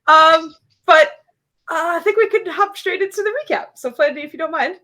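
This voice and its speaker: A woman's voice: extremely high pitch, brisk, pushed and bright. A woman running a homebrew tabletop game, recapping the last session in a chatty way with many fillers. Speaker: dungeon master.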